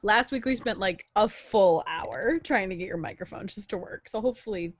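A woman's voice: mid-range voice, normal speed. A young American woman co-hosting a podcast in casual chat, laughing often as she talks. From United States. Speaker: podcast co-host.

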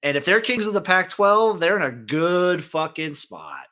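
A man co-hosts a sports talk show with a fairly high, bright voice. He is laid-back but blunt, dropping swear words casually as he backs his opinions. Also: big pitch swings, moderate pace. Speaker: podcast co-host.

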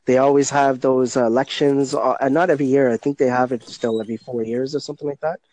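A man making measured, hedging remarks in a casual chat. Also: mid-range voice, steady tone, darkish tone, no room sound, low-quality recording.

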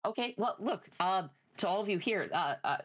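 A man's voice: high voice, animated, normal speed, fairly bright tone, pitched above the performer's own voice. A man voicing a flustered female mad scientist who stammers through fillers and apologies. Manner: stammering, nervous, full of fillers.

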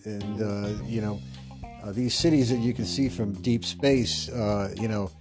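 A man's voice: fairly low pitch, steady tone, a little slow, music in the background. An American man hosting a podcast in casual, rambling talk full of fillers and restarts. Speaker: podcast host.

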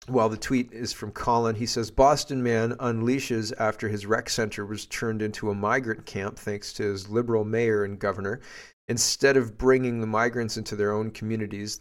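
A man hosting a podcast, commenting bluntly and with indignation on clips he plays. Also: on the low side. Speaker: podcast host.

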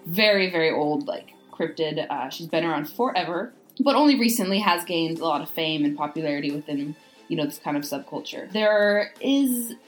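A woman's voice: low voice, expressive, moderate pace, faint music behind, poor audio. An American woman co-hosting a casual podcast, rambling along with lots of filler words. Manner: rambling, full of "like" and "you know". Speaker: podcast co-host.

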